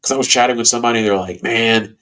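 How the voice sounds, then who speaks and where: A man hosting a podcast in a casual monologue, with a stuffy nose, talking in a folksy way with bursts of excitement. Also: medium pitch, very fast. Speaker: podcast host.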